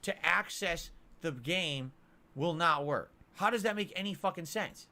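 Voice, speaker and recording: A man's voice: on the high side, measured pace, sharp tone. A male streamer complaining at length in an indignant, ranting monologue.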